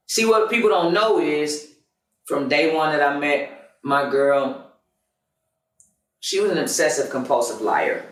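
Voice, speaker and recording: A man hosting a podcast, telling a personal story in a loud, emphatic and profane way. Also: on the high side, slow pace. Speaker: podcast host. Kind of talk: confessional storytelling monologue. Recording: roomy, distant mic.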